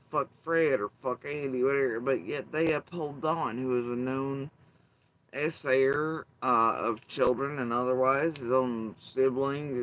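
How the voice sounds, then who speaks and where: A man's voice: a little high, fairly bright tone. A man hosting his channel, delivering bitter, profane, emphatic commentary in an angry rant. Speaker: channel host.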